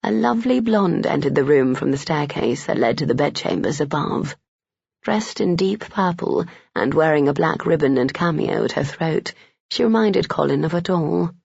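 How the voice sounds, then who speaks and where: Male narrator for a romance audiobook, steady and gravelly, on dull lo-fi audio. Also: on the high side, no echo.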